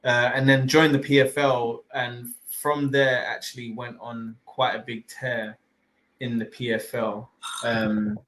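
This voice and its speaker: A man's voice: mid-range voice, little pitch movement, takes it slowly, a bit bright, poor audio. A man hosting a casual fight podcast, rambling with lots of fillers and restarts and casual swearing. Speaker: podcast host.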